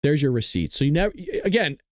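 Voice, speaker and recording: A man's voice: fairly high pitch, sing-song, fast talker, no echo, studio quality. A male show host ranting to his live-stream viewers, frustrated and full of profanity, talking straight to his audience.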